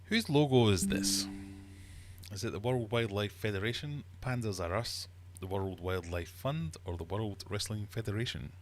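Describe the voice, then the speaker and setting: A man's voice: on the low side, moderate pace, slight background noise. A man hosting a live-streamed quiz from his fish room, reading questions and teasing the audience in a playful, mock-uppity way. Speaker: livestream host and quizmaster.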